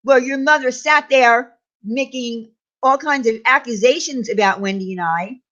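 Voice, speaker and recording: High-voiced woman ranting indignantly. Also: normal speed, fairly bright tone, lo-fi sound. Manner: indignant, sarcastic, repeats names. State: angry. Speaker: YouTube commentary host. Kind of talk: angry ranting commentary.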